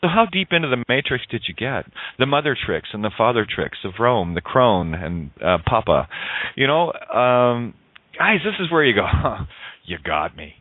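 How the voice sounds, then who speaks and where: A man's voice: medium pitch, sing-song, moderate pace, no echo. A man hosts a talk radio show, rambling and laughing as he repeats himself. His voice comes through a tinny, phone-like line with a dry, close sound. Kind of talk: casual talk radio chat.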